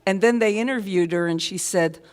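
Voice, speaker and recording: A tired woman singer-songwriter chatting between songs at a live concert, rambling and halting with many filler pauses and wry self-mocking humor. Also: mid-range voice, clear, resonant tone. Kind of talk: stage banter between songs. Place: live concert stage in a hall. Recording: live concert hall reverb with band music.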